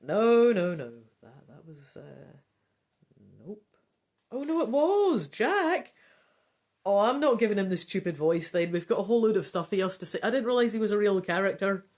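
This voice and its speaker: A woman's voice: mid-range voice, sing-song, moderate pace, darkish tone. A woman reading through a gamebook aloud, chatting in casual, self-deprecating asides. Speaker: gamebook reader.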